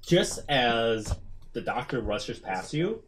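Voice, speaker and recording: A man's voice: mid-range voice, sing-song, slow pace, slight background noise. A man running a tabletop horror game as game master, describing scenes casually with lots of fillers.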